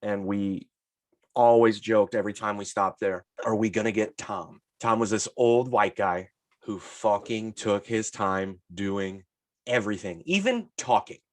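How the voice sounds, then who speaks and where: A man co-hosting a podcast, telling stories in casual chat with lots of swearing and lively retellings. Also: on the low side, unhurried, no echo. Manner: profane, animated storyteller. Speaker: podcast co-host.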